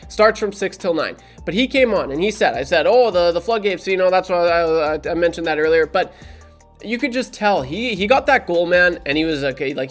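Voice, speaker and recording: A young man from Canada, a hockey vlogger and radio producer, ranting casually to camera with frustration and lots of repetition. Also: fairly high pitch. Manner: animated, repeats himself, frustrated. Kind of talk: casual heated rant to camera.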